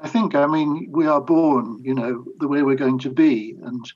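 A man's voice: mid-range voice, steady tone, moderate pace, lo-fi sound. An older man, a biographer, answering interview questions in a reflective, anecdotal way with hesitant restarts. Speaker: biographer guest.

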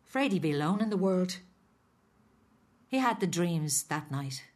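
A woman's voice: lowish voice, lively intonation, measured pace, darkish tone. Give me a weary, resigned Irish foster mother in a plain, confiding tone. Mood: rueful. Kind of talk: first-person audiobook narration.

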